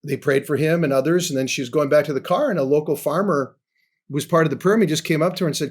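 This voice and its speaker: Sharing a personal testimony on a podcast, a sixties-aged man speaks earnestly like a storyteller, his voice often going soft and low. He moves at a quick pace with a slightly rough quality.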